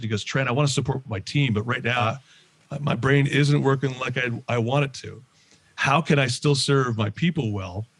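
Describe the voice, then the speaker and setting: A middle-aged man giving an energetic motivational talk as a leadership trainer, acting out his own thoughts and laughing often. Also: mid-range voice, no echo. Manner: animated, self-quoting, laughs often. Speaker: leadership trainer, podcast guest.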